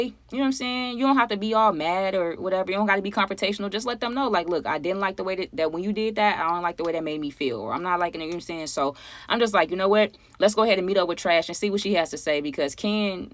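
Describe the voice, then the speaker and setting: A woman chatting casually to her viewers as she tells a personal story, animated and conversational, often asking them for their opinions. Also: medium pitch, fast, no echo. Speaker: storytime vlogger.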